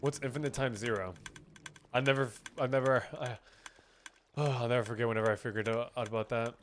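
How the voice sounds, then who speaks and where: A man's voice: medium pitch, fairly even intonation, fast, slight background noise. A young man streaming a game, chatting casually and reading chat aloud, rambling and swearing, with keyboard typing behind him.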